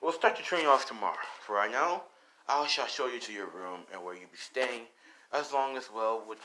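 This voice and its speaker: A calm grown fighter who takes a boy under his wing, speaking low and measured, as a man puts him on. The delivery is casual fan storytelling with lively swings between lines. A faint hiss sits under it. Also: low-quality recording. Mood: calm, assured. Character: calm quirkless male mentor fighter.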